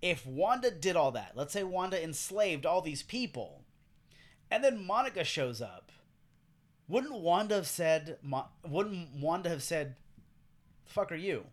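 A man's voice: on the high side, a little slow. A man co-hosting a casual podcast chat, talking animatedly, swearing freely and acting out quotes. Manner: animated, profane, acts out quotes. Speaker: podcast co-host. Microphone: headphones and studio mic.

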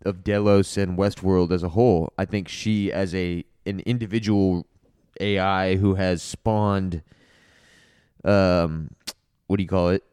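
Blunt man with a low, mellow voice. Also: steady tone, measured pace, clean tone, no room sound, clean studio sound. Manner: blunt, opinionated. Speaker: podcast co-host. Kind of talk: casual chat.

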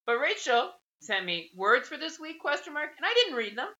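A woman's voice: sits high, big pitch swings, moderate pace, bright, forceful tone. A young woman co-hosting a podcast in casual chat, cracking crude jokes and acting out what people said. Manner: crude, joking, acts out quotes. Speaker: podcast co-host. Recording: slightly muffled lo-fi recording.

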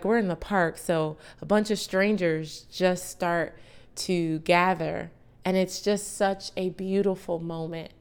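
Woman around 30 telling a story on her podcast, slow, smooth clear voice, chatty with asides to listeners. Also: on the low side, a little mellow. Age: late 20s to early 30s. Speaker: podcast host. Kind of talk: personal storytelling.

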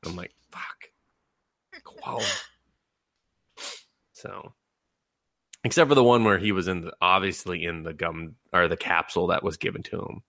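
A man co-hosting a podcast talks in loose, rambling chat, laughing and swearing freely. His voice sits very low with a gravelly fry, yet the tone is bright and forceful. The sound is dry and close, with no room around it. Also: a little fast, dry recording. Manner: rambling, laughing, profane, mimics people mid-story. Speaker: podcast co-host. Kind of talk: casual chat.

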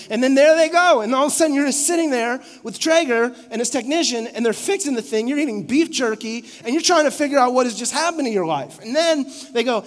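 Male pastor, high voice, comic storyteller, hall reverb. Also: expressive. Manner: playful, acts out phone calls in quick asides.

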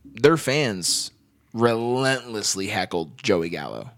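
A young man with a fairly low voice talks bluntly in a loose chat. He is sarcastic, swears easily and is quick to pass judgment. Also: very animated, a bit bright. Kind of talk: casual chat.

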